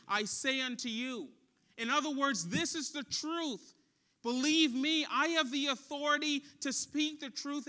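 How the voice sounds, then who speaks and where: A man preaching a sermon as pastor, asking the congregation questions and dropping soft and quiet for a story. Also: very high voice.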